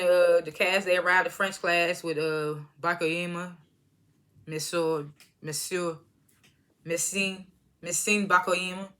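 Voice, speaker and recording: Bright, laughing woman recapping reality TV. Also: medium pitch. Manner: laughs often while retelling scenes; loose slangy storytelling, acts out quotes. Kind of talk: casual episode recap.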